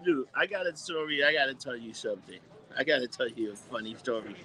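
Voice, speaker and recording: A man's voice: medium pitch, fast, bright, forceful tone, poor audio. A middle-aged man co-hosting a casual chat, crude and ranting, swearing a lot.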